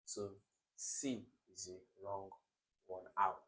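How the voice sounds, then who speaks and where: A young man teaches an English exam lesson in an emphatic way. He repeats key words and keeps quizzing his listeners. His voice sits at an ordinary middle pitch. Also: a little slow, pauses often. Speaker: exam tutor. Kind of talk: recorded exam-prep lesson.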